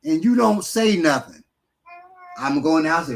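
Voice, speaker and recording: Blunt, streetwise martial arts instructor. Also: male voice, a little high, lively intonation, moderate pace, vocal fry, poor audio. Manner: blunt, streetwise and profane, with many fillers. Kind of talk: casual live-stream Q&A.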